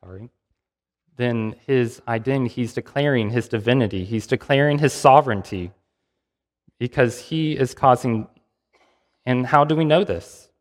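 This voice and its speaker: Preacher in an echoing hall. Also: male voice, medium pitch, moderate pace, long pauses. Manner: conversational, retells scripture with restarts. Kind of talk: sermon with scripture reading.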